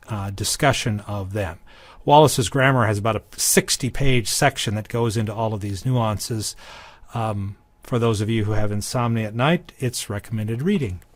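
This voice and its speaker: A man's voice: mid-range voice, no echo. A man teaching a recorded lesson on biblical Greek grammar, with dry humor and frequent ums and restarts. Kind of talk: recorded lecture.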